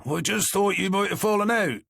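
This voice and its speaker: Man doing a rasping, wisecracking crook. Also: high-pitched, a little fast, fairly bright tone, dry recording, clean studio sound, voice pushed up, heavily acted. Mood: teasing. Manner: teasing, joking, rough slang. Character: wisecracking male criminal with rasping voice.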